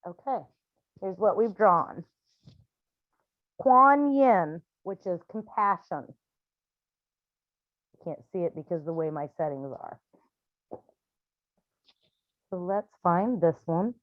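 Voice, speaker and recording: A woman's voice: lowish voice, slow, pauses often, dry recording, muffled recording. A woman leading a healing group on a video call, talking in a candid, chatty way with frequent ums and restarts. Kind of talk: casual talk on a video call.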